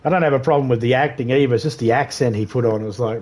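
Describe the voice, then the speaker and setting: A man's voice: mid-range voice, very fast, darkish tone. A man streaming a video game live, riffing in crude, rambling banter and laughing at his own jokes.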